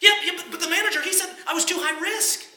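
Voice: very high-pitched, fast talker, bright, forceful tone, roomy sound, voice pushed up, heavily acted. A preacher voicing a flustered bank customer who keeps insisting in pleading disbelief. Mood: incredulous.

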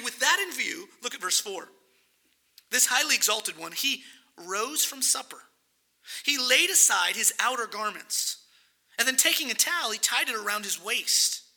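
High, bright, gravelly-voiced male preacher. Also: moderate pace. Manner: animated, dramatizing the scripture with acted-out voices. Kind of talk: sermon.

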